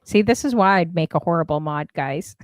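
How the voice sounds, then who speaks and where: A woman's voice: lowish voice, expressive, normal speed, dry recording. A woman hosting a casual live-stream interview, chatty and a bit scattered. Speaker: host.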